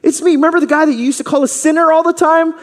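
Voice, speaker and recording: A pastor voicing an overjoyed young man, just healed of blindness, who shouts his news with breathless joy. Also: a little high, huge pitch swings, normal speed. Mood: ecstatic. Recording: reverberant church hall.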